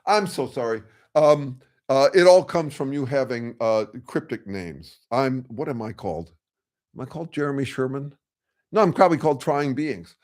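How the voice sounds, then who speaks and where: A man's voice: mid-range voice, lively intonation, normal speed, a little mellow. An older man hosting a casual discussion, talking frankly and rambling, with restarts and some swearing. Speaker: host. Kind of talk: casual discussion on a video call.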